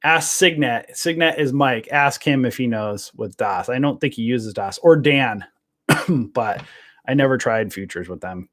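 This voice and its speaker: A man's voice: mid-range voice, animated, measured pace, fairly bright tone. A man hosting a casual live trading stream, rambling with lots of fillers and calling viewers guys. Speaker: trading show host. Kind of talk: casual livestream chat.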